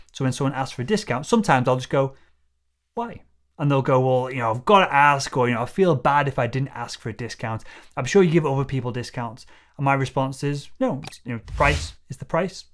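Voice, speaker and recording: A man teaching sales, talking in a confident, coaching way and acting out short exchanges between buyer and seller. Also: on the high side. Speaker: sales trainer. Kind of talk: scripted sales tutorial to camera.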